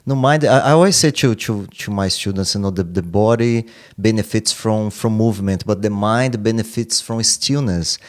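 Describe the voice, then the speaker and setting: Low-voiced male podcast host. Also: moderate pace. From Brazil. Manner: earnest, reflective, searches for words. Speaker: podcast host and martial arts coach. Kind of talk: casual interview chat.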